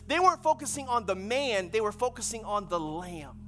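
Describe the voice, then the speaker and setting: A man's voice: high-pitched, sing-song, moderate pace, fairly bright tone, faint music behind. A male pastor preaching a conversational sermon, repeating key phrases for emphasis.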